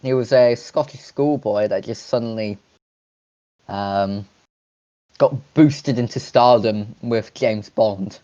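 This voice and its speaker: A man's voice: lowish voice, mellow. Rambly man co-hosting a lo-fi podcast. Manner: halting, many fillers and restarts. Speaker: podcast co-host. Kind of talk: casual podcast chat.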